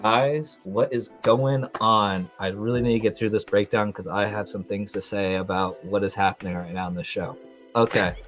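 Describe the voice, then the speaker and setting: A young man hosting a podcast, recapping a TV episode in a rambling, excitable way with lots of fillers. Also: lowish voice, normal speed, soft background music. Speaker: podcast host.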